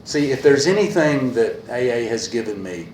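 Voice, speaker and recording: A man speaking earnestly at a recovery meeting, repeating a refrain and pausing often with fillers, a little emotional. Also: mid-range voice, lively intonation, a little mellow. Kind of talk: personal talk at a meeting. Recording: echoey room with faint hiss.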